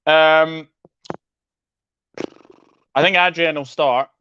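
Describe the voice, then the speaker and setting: A man's voice: a little high, very slow, a little hiss or hum. A man hosting a casual football chat and reading out viewer comments. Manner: relaxed, reads out viewer comments. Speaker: host. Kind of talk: casual video call chat. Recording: dull lo-fi audio.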